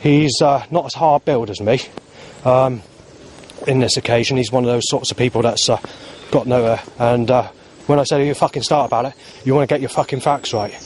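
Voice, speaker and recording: A man's voice: mid-range voice, fairly quick, a little mellow, a little hiss or hum. Agitated man rambling in a vlog. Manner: agitated, rambling, many fillers and restarts. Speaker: vlogger. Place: outdoors in the heat.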